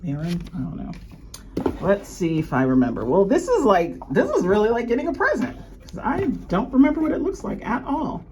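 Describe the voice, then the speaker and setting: Excitable woman unboxing luxury goods. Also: mid-range voice, fairly quick. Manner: gushing, excitable gasps and exclamations. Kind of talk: casual unboxing chat.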